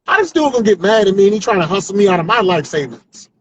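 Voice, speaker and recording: Driving on his commute, a male comedian tries out new stand-up jokes without notes in a stream-of-consciousness practice, rambling, talking to himself and often ending lines with "man." His voice is high-pitched with big pitch swings and fast. The recording is muffled, with slight background noise.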